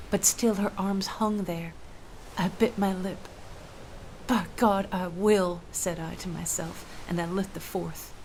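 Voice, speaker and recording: A woman's voice: medium pitch, darkish tone, a little hiss or hum. A woman telling a first-person story aloud, emotional, dropping to whispers at tense moments.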